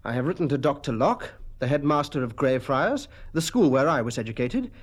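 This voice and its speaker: A man voicing a stern, quick-tempered army colonel who speaks mildly but with authority to his nephew in a storybook reading. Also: mid-range voice, animated, lightly acted. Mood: earnest. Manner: mild, then commanding.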